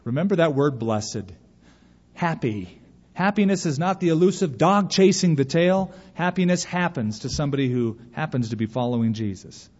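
A man's voice: a little high, moderate pace, darkish tone, slightly rough. A man preaching a sermon and reading a story aloud, earnest and emphatic, pleading at times. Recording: dull recording with long hall reverb.

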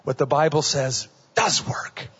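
A middle-aged male pastor preaching a sermon in an earnest, conversational way, often dropping to a soft voice for asides. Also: fairly high pitch, measured pace, slight background noise. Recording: dull recording in a large reverberant hall.

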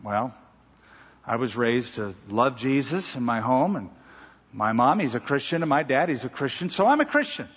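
A husky-voiced man voicing an innocent little girl in a sermon story, hesitant and childlike. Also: medium pitch, sing-song, moderate pace, fairly bright tone. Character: small girl, sweet and innocent. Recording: dull audio with long hall reverb.

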